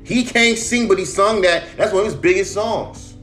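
A man's voice: high-pitched, normal speed, fairly bright tone, soft background music. A man ranting casually on a podcast, emphatic and full of profanity. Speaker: podcast host.

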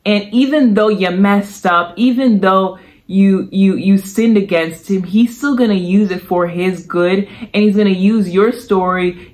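Earnest podcast host telling their own faith story, thoughtful, repeats stuff for emphasis, mid-pitched voice. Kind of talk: personal testimony, casual devotional talk.

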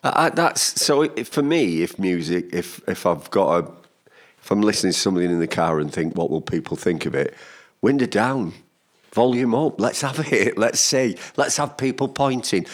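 Low husky guy co-hosting, jokey and keen, soft music behind. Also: animated, moderate pace. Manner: enthusiastic, jokey. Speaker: podcast co-host. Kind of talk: casual chat.

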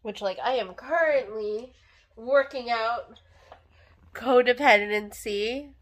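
A woman's voice: on the high side, takes it slowly. A young adult woman hosting a casual solo podcast, talking candidly in a rambling way with lots of fillers. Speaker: podcast host.

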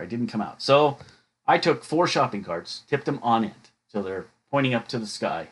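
A man's voice: mid-range voice, lively intonation, normal speed, breathy edge. A man hosts a podcast and tells funny work stories in a casual, chatty way. He keeps it jokey and acts out what other people said. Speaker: podcast host. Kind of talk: casual storytelling.

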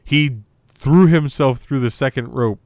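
Unhurried and a touch dark in tone, a young man's medium-pitched voice comes through clean studio sound with a dry recording. He co-hosts a podcast, rambling casually about wrestling with lots of fillers and restarts.

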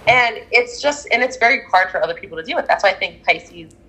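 Husky woman chatting about astrology. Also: mid-range voice, quick pace, poor audio. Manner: animated, acts out quoted people. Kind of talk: casual chat about astrology.

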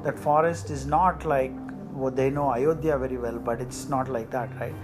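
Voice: mid-range voice, fairly even intonation, moderate pace. A storyteller telling an epic tale in a conversational way, often checking in with the listener. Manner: conversational, many fillers and "right?" checks. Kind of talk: oral storytelling with asides to the listener. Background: instrumental music.

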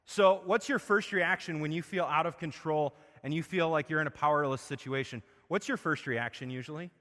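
Male pastor, slightly high voice, preaching with rhetorical questions, loud then hushed, long hall reverb. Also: brisk. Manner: asks the congregation questions, swings from loud emphasis to soft and low. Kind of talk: sermon.

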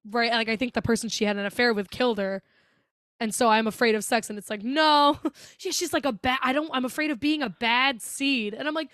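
A woman co-hosting a podcast in casual chat, animated and swearing freely as she acts out movie lines. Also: fairly high pitch, brisk, no echo, clean studio sound. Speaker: podcast co-host.

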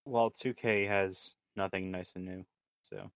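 A man co-hosting a podcast in casual chat, with dry, terse, deadpan remarks. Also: low-pitched, unhurried, dry recording. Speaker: podcast co-host.

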